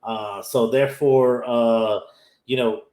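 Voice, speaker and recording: A man's voice: mid-range voice, steady tone, slow, dark tone. A man, casually recapping an anime episode in a rambling way and acting out the characters' lines. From Texas, USA. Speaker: anime podcast host. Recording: echoey room.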